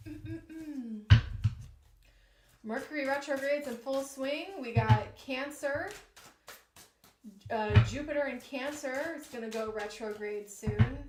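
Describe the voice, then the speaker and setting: A woman giving tarot readings on a live stream, chatting with her viewers and reading their comments aloud. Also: a little high. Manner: talks straight to her viewers as a group. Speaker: tarot reader. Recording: roomy, distant mic, faint noise.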